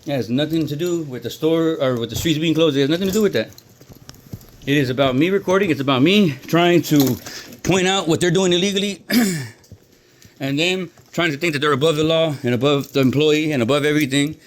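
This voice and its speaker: A man's voice: fairly high pitch, fairly quick, a little hiss or hum. A man filming on his phone inside a store, arguing in an agitated, repetitive way as an employee. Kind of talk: filming a workplace confrontation.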